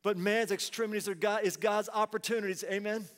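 A man's voice: high-pitched, steady tone, brisk, big-room sound. A man preaching a sermon, asking the congregation rhetorical questions and acting out people's complaints.

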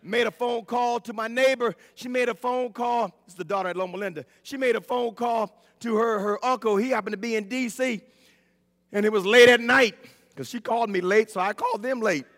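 A high, bright-voiced middle-aged man preaches with fervor, veering from ringing shouts to near-whispers and tripping over his own restarts. His voice rolls out into a long church reverb, as if filling a sanctuary. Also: brisk. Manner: impassioned, swinging from shouts to hushed, stammering restarts. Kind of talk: sermon.

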